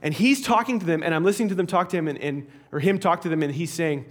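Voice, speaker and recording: A man preaching a sermon as an animated, humorous story with frequent asides. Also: on the high side, fast talker. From Canada.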